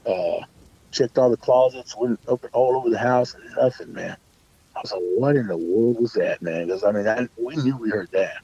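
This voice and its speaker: A man's voice: medium pitch, a little mellow, no room sound. A man casually telling a personal ghost story, rambling with many restarts and fillers and swearing now and then. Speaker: guest storyteller. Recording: dull muffled dry sound.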